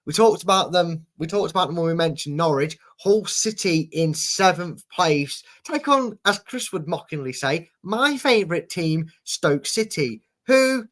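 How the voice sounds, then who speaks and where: A man hosts a relaxed football prediction show. His voice sits a little high, and he talks in a chatty, teasing way while reading out viewers' score picks. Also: a little slow, few pauses. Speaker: host. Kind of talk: casual football prediction chat.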